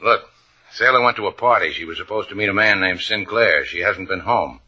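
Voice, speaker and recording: A man's voice: deep voice, brisk, bright, forceful tone, slightly rough, lo-fi sound, full character voice. A blunt, wisecracking tough guy. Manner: clipped, blunt, wry. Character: tough, wisecracking male adventurer. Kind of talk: 1940s radio acting.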